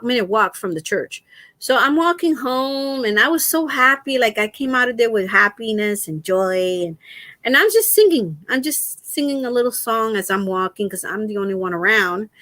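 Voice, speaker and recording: A woman's voice: medium pitch, pushed and bright, no room sound. Chatty middle-aged woman live-streaming at home. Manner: chatty, laughs often while telling stories. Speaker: crochet channel host. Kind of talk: casual live-stream chat. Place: at home, lying down with feet raised. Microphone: laptop.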